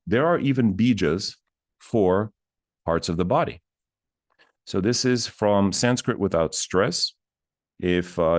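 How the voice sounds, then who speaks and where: A man's voice: sits low, a little mellow, no echo, studio quality. A man teaching in a casual, chatty way, chanting short syllables between explanations and mocking himself now and then. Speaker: spiritual teacher. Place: outdoors near a bridge.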